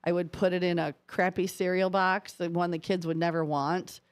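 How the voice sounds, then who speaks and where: A woman's voice: fairly low pitch, little pitch movement, normal speed, clear, resonant tone. A middle-aged woman co-hosting a radio show, telling family stories in casual chat and laughing often. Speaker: radio co-host.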